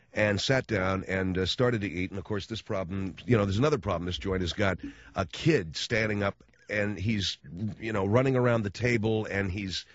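A man hosting a radio show spins a sarcastic, rambling anecdote, breaking off and restarting his sentences as the jokes come. His voice leaps up and down in pitch as he works himself up. The sound is dry and close, slightly muffled like lo-fi broadcast audio. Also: no room sound. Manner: animated, sarcastic storytelling with frequent restarts. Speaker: radio host. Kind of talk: comic monologue rant.

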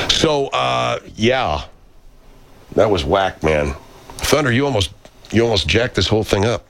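A man's voice: fairly low pitch, very animated, unhurried, gravelly, long pauses, slight background noise. A man hosting a live stream, chatting casually and reading viewer comments aloud, loose and profane, speaking into a studio microphone. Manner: loose and profane, aside-heavy.

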